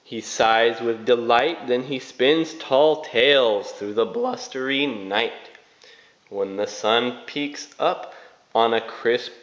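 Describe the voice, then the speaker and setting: Father slowly reading a bedtime story. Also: medium pitch. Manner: gentle, sing-song reading with sound effects. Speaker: father reading to his children. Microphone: phone. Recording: echoey room, dull phone recording.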